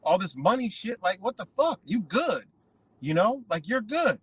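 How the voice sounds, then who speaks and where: A man rants about another man in heated, profane bursts, repeating his points over and over. His voice sits high for a man and has a husky edge. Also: big pitch swings, normal speed, a bit bright, no room sound, poor audio. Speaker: commentary channel host. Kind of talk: casual profane rant.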